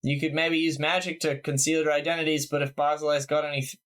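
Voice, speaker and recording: A man's voice: a little high, flat delivery, fast, a bit bright, clear, resonant tone. A man running a tabletop game as game master, talking casually with fillers. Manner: casual, rambling, many fillers.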